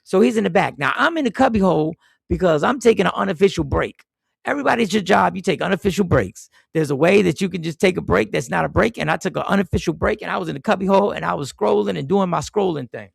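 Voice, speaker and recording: A man's voice: sits high, fast talker, creaky, husky, dry recording, studio quality. A man hosting a podcast, telling a work story in casual, profane chat and acting out the people he quotes. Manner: profane, animated storyteller, acts out quoted voices. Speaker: podcast host.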